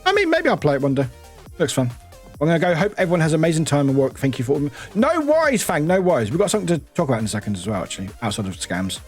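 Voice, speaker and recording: A man from the UK, streaming and chatting casually, reading chat aloud, lively and swearing freely. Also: fairly high pitch, racing, faint music behind. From United Kingdom.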